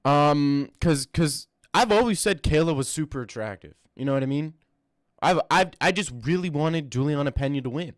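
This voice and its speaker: Reacting to fight news, a young man jokes and stumbles through replies to his live-stream chat. His pitch runs on the high side and his speed is normal, captured close with no echo.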